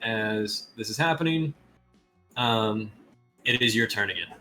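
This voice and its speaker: A man's voice: fairly low pitch, measured pace. A man narrating a tabletop game as game master, laughing often and chatting loosely with his player. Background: soft music.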